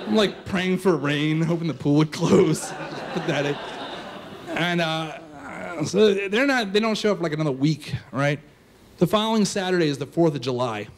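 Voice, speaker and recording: A young man telling a personal story on stage before a live audience, casual and animated, full of "like" fillers. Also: fairly high pitch, slight background noise.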